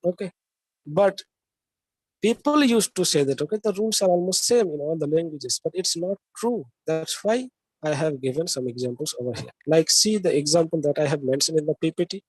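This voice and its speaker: A man's voice: a little high, lively intonation, a little fast, slightly rough, no room sound, poor audio. A man with an Indian English accent giving a classroom lecture, often checking in with students and asking them questions. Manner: talks with frequent "okay?" checks and questions to students.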